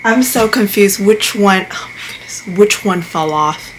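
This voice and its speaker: Heard from afar in an echoey, plant-filled room with clear noise, a woman with a mid-range voice talks a little slowly. She's a plant vlogger doing chores, chatty and self-deprecating, frequently exclaiming as she cares for her houseplants.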